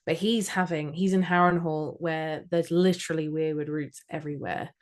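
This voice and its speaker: A low-voiced woman co-hosting a fan podcast in casual chat. She rambles excitedly, doubling back and restarting her sentences as ideas tumble out. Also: moderate pace. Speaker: podcast co-host.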